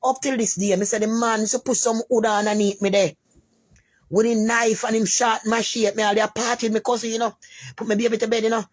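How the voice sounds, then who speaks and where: A woman's voice: a little high, fairly even intonation, a little fast. A middle-aged woman with a Jamaican accent, telling her life story in casual patois and repeating phrases for emphasis.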